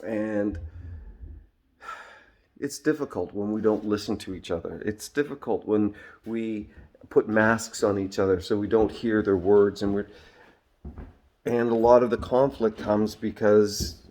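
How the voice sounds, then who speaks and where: A middle-aged man telling a story and reflecting on it in a casual monologue, with lots of fillers and throat-clearing. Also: fairly low pitch, steady tone, measured pace, pauses often, mellow. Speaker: vlogger and job-site supervisor.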